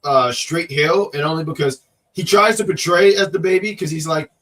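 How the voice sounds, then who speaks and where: A man's voice: on the high side, moderate pace, fairly bright tone, recorded from a distance. Rambling male co-host, a little off-mic. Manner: rambling, joking, reads chat comments aloud. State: working with a cough. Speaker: co-host of a wrestling review show. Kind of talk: casual live-stream chat.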